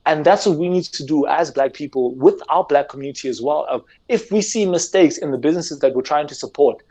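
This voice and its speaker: South african guy, kinda high voice, gets worked up and repeats words making his point. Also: brisk. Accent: South African English. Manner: animated, earnest, repeats words when pressing a point. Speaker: podcast guest, gamer. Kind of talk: casual discussion.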